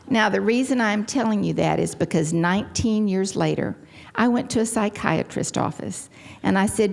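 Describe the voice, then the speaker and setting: An older woman with a Texan accent, originally from Texas, gives her recovery testimony in a large hall. Her mid-range voice is creaky and set at a normal speed, and she brings the story to life by acting out what people said.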